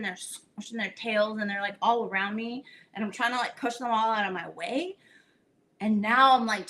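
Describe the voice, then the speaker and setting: A woman's voice: a little high, pushed and bright. A woman hosting a home cooking show, chatting animatedly as she tells a story in her kitchen.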